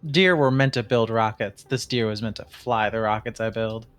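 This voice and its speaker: Male streamer, playful joker, casual gaming chat over soft background music. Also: lowish voice, moderate pace, clean tone. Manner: goofy, joking, laughs often. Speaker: streamer playing a deer astronaut. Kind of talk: casual in-character gaming banter.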